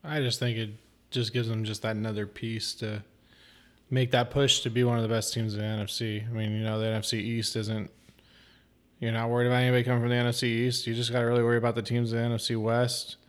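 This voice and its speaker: Brief: male podcast voice, mid pitch, measured, explanatory. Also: level tone. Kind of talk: casual chat.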